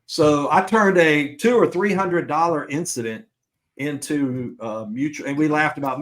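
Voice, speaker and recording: A man's voice: on the high side, moderate pace, a bit bright. A middle-aged man co-hosting a podcast, telling a long personal anecdote in a casual, chatty way and acting out the other people's lines. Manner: chatty anecdote-teller who acts out dialogue. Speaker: podcast co-host.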